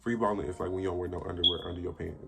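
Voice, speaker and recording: A man's voice: low-pitched, fairly even intonation, very fast, vocal fry, heavy background noise. An eighteen-year-old man casually telling a story to camera, blunt and profane, acting out what people said. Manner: blunt, profane, acts out quoted dialogue. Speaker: vlogger.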